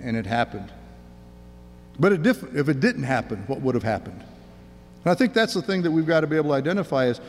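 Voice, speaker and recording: A man's voice: mid-range voice, darkish tone, long reverb tail, a little hiss or hum. A man preaching a sermon in an earnest way, often repeating and restarting his words.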